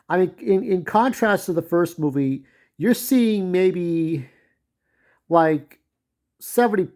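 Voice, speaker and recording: A man giving a casual spoken movie review, rambling and irreverent, with lots of filler pauses. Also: a little high, a little mellow.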